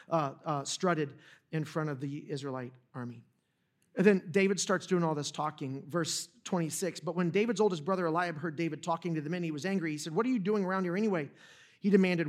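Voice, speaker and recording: High-voiced joking young preacher. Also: male voice. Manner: casual, joking storyteller with asides to the audience. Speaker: pastor. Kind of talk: sermon.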